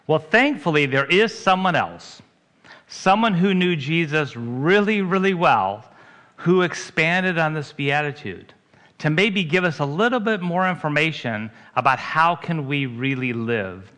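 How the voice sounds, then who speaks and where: Bright-voiced pastor preaching conversationally. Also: male voice, a little high, expressive, unhurried. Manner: conversational preaching, asks the congregation questions. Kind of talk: sermon.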